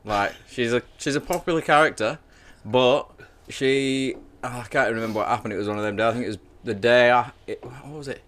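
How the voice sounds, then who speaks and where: A man's voice: medium pitch, a little fast, a bit bright. A man who is a guest on a casual podcast, telling rambling anecdotes and swearing freely. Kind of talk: casual storytelling chat.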